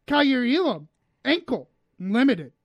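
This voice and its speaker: A male podcast host with a playful, jokey manner whose voice sits unusually high and jumps around a lot. He drags out lists in a mock-formal announcer cadence. The sound is dry and close, with no room around it. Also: very animated, takes it slowly, no room sound, dull audio. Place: his own room on a remote call.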